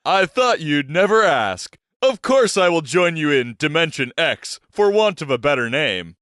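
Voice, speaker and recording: Man doing a calm, self-assured adventurer. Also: on the high side, unhurried, no room sound, studio quality. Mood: calm, upbeat.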